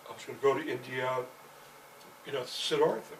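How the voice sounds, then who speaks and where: A man's voice: medium pitch, steady tone, a little fast, creaky. A man telling a long personal story in a meandering, profane way, with constant "you know" fillers. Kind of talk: rambling personal storytelling monologue. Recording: distant mic with faint background noise.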